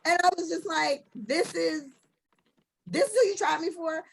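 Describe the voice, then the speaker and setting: A woman hosting a casual podcast chat, telling stories in a blunt, animated way with lots of profanity. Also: very high voice, normal speed, gravelly, background noise. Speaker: podcast host.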